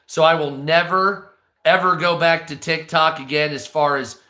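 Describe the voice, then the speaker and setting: In an echoey room, a livestreaming man thanks viewers mid-sentence while going on a crude, heavily profane rant. His voice is bright and sits on the high side, with a forceful, steady tone and a moderate pace.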